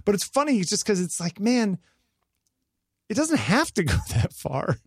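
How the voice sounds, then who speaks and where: A man's voice: sits high, a little slow, breathy edge, no echo, clean studio sound. A married man co-hosting a podcast, chatting casually and acting out the people in his story. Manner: animated storytelling, acts out quotes. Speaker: podcast co-host. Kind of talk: casual conversation.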